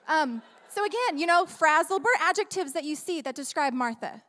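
A woman preaching a sermon in an animated, humorous, conversational way, often asking the audience questions. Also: extremely high pitch, fairly quick. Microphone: handheld microphone. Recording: long reverb of a large hall.

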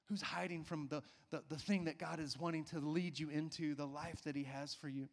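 A man's voice: on the high side, fairly even intonation, fairly quick, in a large hall. A male pastor preaching a sermon with emphatic call-outs to the congregation.

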